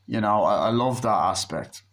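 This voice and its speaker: A man's voice: on the low side, moderate pace, fairly bright tone. A man giving a casual spoken movie review. He rambles, swears often, and uses lots of fillers. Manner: rambling, profane, with lots of fillers and acted-out dialogue.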